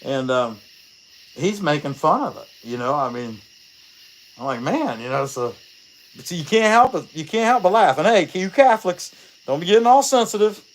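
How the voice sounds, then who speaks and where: A man with a somewhat high voice talks at a moderate pace over a faint hiss or hum. He's a chainsaw carver hosting a livestream of his carving, chatting casually, rambling and joking with lots of fillers and telling stories with real liveliness.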